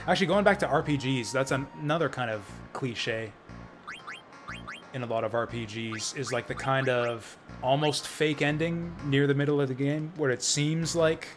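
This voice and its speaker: A man's voice: medium pitch, normal speed, soft background music. A man streaming a video game, chatting casually and wryly thinking aloud as he plays. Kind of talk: casual let's-play commentary.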